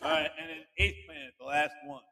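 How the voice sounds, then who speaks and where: A man's voice: a little high, fairly quick, vocal fry, in a large hall. A man hosting a podcast with two children, quizzing them in a playful, teasing way and cheering them on. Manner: animated, teasing, cheering the kids on. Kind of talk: playful kids' quiz chat.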